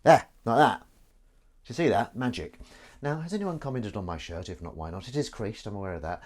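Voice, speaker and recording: A man's voice: on the low side, animated, fairly quick, a little mellow. A man hosting a live stream from his kitchen sink, rambling jokily and self-aware as he does the washing up. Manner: chatty, self-aware, jokey. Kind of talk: casual rambling monologue. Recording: clattering dishes and cutlery behind.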